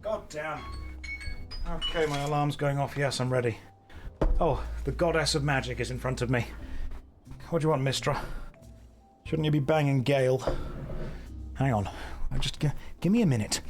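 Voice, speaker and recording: A young man chats through a game live on stream, cracking dry, sarcastic jokes as he plays. His voice sits at an ordinary middle pitch for a man. Faint music runs quietly behind him. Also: moderate pace, pauses often. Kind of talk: casual live game commentary. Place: warm indoor room.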